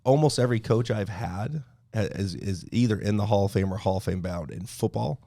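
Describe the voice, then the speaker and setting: Male guest, low gravelly voice, dry close mic, lively storyteller who laughs a lot. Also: fairly quick, no room sound. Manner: animated, laughs often while telling stories. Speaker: podcast guest. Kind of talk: casual storytelling.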